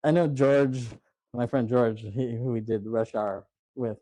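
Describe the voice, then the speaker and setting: A man's voice: mid-range voice, steady tone, measured pace, warm tone, dry recording, low-quality recording. A man hosting a casual movie podcast, animatedly retelling scenes, acting out lines and laughing often. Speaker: podcast host.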